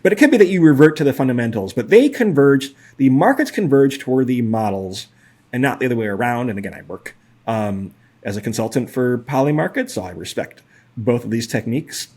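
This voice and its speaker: A man's voice: mid-range voice, lively intonation, fairly quick, a little mellow. A man in his forties co-hosting a podcast, talking through data in a casual, hedging way with lots of fillers and a wry edge. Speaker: podcast co-host. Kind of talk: casual analytical chat.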